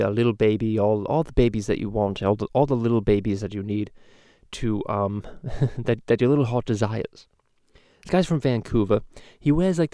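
A man's voice: mid-range voice, mellow, no echo, studio quality, close to an everyday voice. A man voicing a crude, rambling middle-aged cartoon dad in a casual podcast chat, talking loosely and swearing often. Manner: rambling, profane, loose storytelling.

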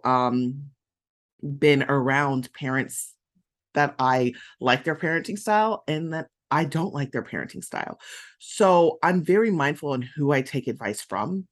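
A pregnant woman hosting a podcast, talking candidly in a casual monologue full of "um" and "like". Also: low voice. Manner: candid storytelling, frequent "um" and "like". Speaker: podcast host.

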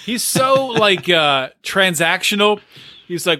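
A man's voice: sits high, animated, slow, pushed and bright. A man co-hosting a podcast, giving dry, wry asides in casual reality-TV chat. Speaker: podcast co-host. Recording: dry close mic.

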